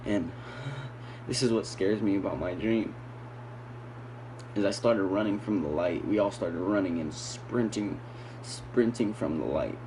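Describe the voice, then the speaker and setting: A man's voice: sits low, measured pace, pauses often, background noise. A man recounting a frightening dream in a fearful, pleading way.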